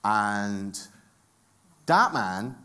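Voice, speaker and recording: A man's voice: fairly low pitch, lively intonation, extremely slow, sharp tone, smooth. Profane, joking Irish man on stage. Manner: profane, jokey, bantering with audience. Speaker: conference speaker. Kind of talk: comedic live talk. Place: conference stage before audience.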